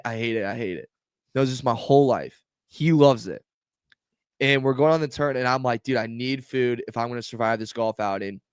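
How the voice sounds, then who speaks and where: A man co-hosting a podcast, telling a story in casual chat and shouting out the lines he quotes. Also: mid-range voice, smooth, no room sound, studio quality. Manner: animated storyteller, shouts when quoting others. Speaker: podcast co-host.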